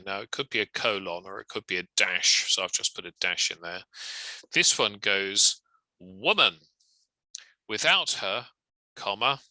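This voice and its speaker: Male legal trainer, gravelly and bright-edged, wry and measured, dry close sound. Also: on the low side, no echo, poor audio. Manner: measured, wry, conversational explaining. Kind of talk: recorded lecture.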